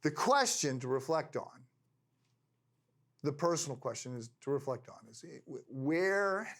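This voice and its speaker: An older man teaching a Bible lesson in a conversational, halting way, with frequent restarts. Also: fairly high pitch, expressive, fairly bright tone. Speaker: pastor.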